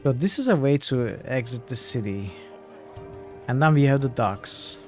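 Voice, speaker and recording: A man's voice: mid-range voice, animated, unhurried, faint music behind. A man streaming a role-playing game, casually commenting and reading the game's dialogue aloud with jokey asides.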